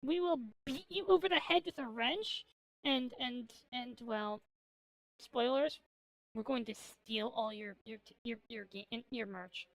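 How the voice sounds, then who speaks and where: High, gravelly-voiced woman streamer rambling manically. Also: measured pace, rough recording. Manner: manic, rambling and jokey, swearing. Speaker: VTuber streamer. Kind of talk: casual gaming stream chat.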